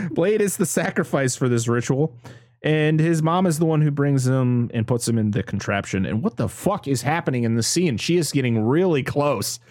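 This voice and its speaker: A man's voice: mid-range voice, lively intonation, moderate pace, darkish tone, dry recording, clean studio sound. A man co-hosting a casual podcast, recapping a movie scene by scene, swearing freely and laughing often. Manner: profane, laughing, quotes characters. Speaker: podcast co-host.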